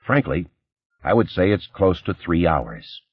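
A man's voice: deep voice, sing-song, unhurried, husky, no echo, heavily acted. A man voicing a cautious, matter-of-fact male medical examiner. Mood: clinical. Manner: clinical, cautious. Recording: slightly dull, dry recording.

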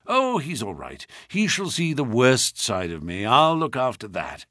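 A man reading an audiobook, voicing an injured male detective who mutters in a weak, hoarse, hushed voice. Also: wildly swooping pitch, measured pace, no echo, studio quality, full character voice. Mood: quietly commanding. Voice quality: hoarse weak whisper-like murmur. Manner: low, quiet, muttered.

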